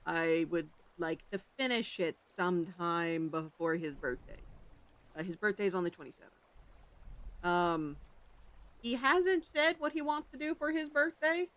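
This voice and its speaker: A livestreamer talking off the cuff with viewers in a loose, rambling way. The chat drifts between topics and is broken by sudden loud exclamations. The voice sits at a middle pitch. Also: unhurried. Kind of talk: casual chat with stream chat.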